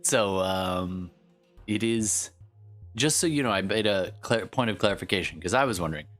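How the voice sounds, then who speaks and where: A man running a tabletop game as game master, talking in a relaxed, rambling way with frequent fillers. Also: lowish voice, normal speed, soft background music.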